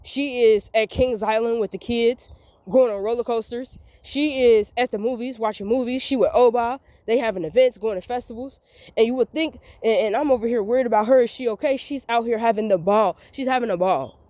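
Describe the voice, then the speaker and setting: A woman's voice: on the high side, brisk, dark tone, no echo. A woman, venting in a rambling, repetitive, emphatic monologue recorded as a voice memo. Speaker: vlogger.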